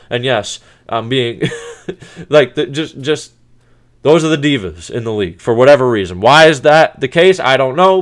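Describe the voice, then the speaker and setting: A man's voice: mid-range voice, fairly bright tone. A man hosting a sports podcast, ranting in a heated, profane, exasperated way, with many restarts. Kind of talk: casual sports rant.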